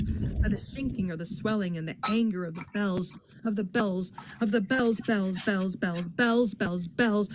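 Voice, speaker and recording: A woman reading poetry aloud in a dramatic, expressive recitation. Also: mid-range voice, noisy background. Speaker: poetry reader in a readathon.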